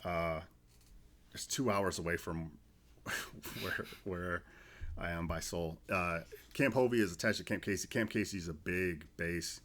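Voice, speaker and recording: A man's voice: low voice, fairly even intonation, unhurried, fairly bright tone. A man in his forties, an army veteran guest, telling stories in loose, profane, casual podcast chat. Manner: loose, profane storytelling with restarts.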